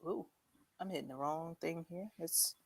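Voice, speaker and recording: Hosting a laid-back livestream chat, a woman with a slightly low, gravelly, husky voice reads viewer comments out loud at a normal speed. She's animated, laughs a lot, and calls her audience "y'all."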